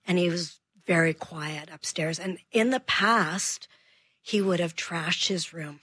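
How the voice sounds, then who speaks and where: A woman's voice: lowish voice, slow pace, breathy edge, dry recording. A woman, a child behavior expert, telling parenting stories in a radio interview and acting out the dialogue. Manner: animated storyteller acting out dialogue.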